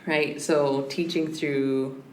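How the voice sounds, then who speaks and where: Slow and a little mellow, with a low, steady voice, a woman speaks as a podcast guest. She works as a language scholar and gives a reflective conversational interview, feeling her way through ideas with frequent restarts. Faint hiss and a roomy sound mark the recording.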